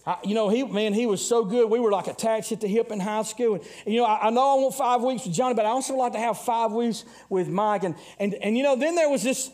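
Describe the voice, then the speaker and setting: A man in his forties with a Southern US accent preaching a sermon as pastor, swinging between hushed warnings and loud calls. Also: high-pitched, quick pace, hardly any pauses.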